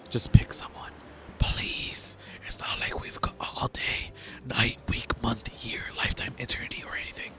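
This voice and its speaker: A man voicing a shy young woman who whispers secrets in a breathy, unvoiced whisper, as whispered role-play. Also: medium pitch, flat delivery, moderate pace, bright, forceful tone, lightly acted. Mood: teasing.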